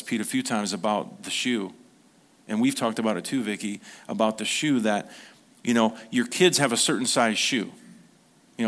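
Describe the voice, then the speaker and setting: A man's voice: medium pitch, a bit bright. A middle-aged man preaching an informal sermon to his congregation, talking conversationally, acting out short quotes and often restarting his sentences. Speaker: pastor.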